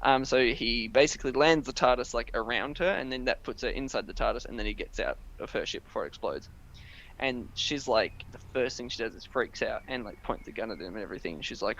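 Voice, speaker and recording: A man's voice: mid-range voice, fairly quick, fairly bright tone, lo-fi sound. A young man co-hosting a casual podcast chat, rambling with many fillers as he retells scenes. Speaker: podcast co-host.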